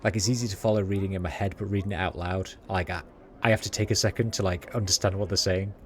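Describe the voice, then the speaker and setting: A man streaming a game, reading its text aloud and thinking out loud with halting fillers. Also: deep voice, fairly even intonation, a little hiss or hum.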